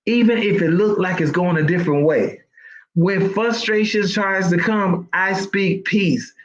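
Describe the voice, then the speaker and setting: A woman's voice: lowish voice, a little slow. A woman life coach giving an emphatic, preachy motivational talk, repeating her points for emphasis. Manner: emphatic, preachy exhortation with repetition. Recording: roomy, dull lo-fi sound.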